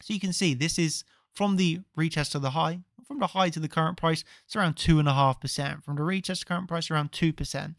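A man's voice: fairly high pitch, fast talker, hardly any pauses, dry recording, studio quality. A man hosting a trading video, walking viewers through chart analysis in an emphatic, confident way, repeating key words for effect. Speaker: crypto trading analyst host.

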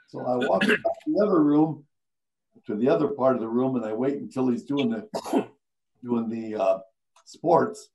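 An older man, a veteran radio announcer, telling stories on stage at a live event, animated and acting out the people he quotes. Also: medium pitch, normal speed, pauses often, slight background noise, poor audio. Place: live event before an audience.

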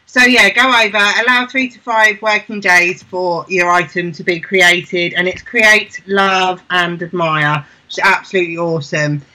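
A woman's voice: on the low side, steady tone, moderate pace, hardly any pauses, sharp tone, low-quality recording. A British woman presenting handmade products in a chatty, heartfelt, self-deprecating way. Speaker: show presenter. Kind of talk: casual product showcase chat.

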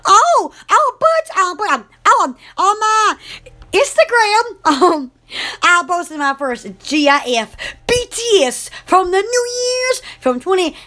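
A young woman chats on a live stream in an excitable, scattered way. Her voice is very high and swoops all over, with a bright, sharp edge. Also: slow pace. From Alabama. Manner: excitable, scattered, greets viewers. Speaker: channel host. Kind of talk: casual live-stream chat.

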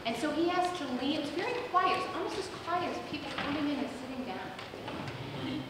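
A woman pastor preaching a sermon, telling a story with lively acted-out quotes. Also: sits high, moderate pace, far from the mic, noisy background. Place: large church sanctuary. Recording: echoey church hall recorded from afar.

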